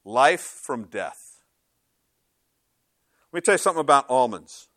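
Joking pastor preaching a lively sermon. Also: male voice, medium pitch, measured pace, no echo, studio quality. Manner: animated, joking, acts out voices of others. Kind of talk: conversational sermon. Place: church.

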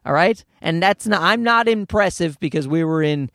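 Animated, profane comedic man. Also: a little high, moderate pace, dry recording, studio quality. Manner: animated, profane, ranting asides. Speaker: parent telling a story. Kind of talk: comedic monologue.

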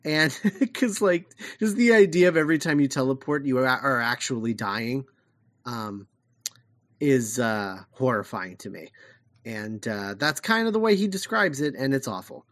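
A podcast co-host in casual chat, excitable and laughing, who talks in fits and starts. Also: medium pitch, moderate pace, no room sound.

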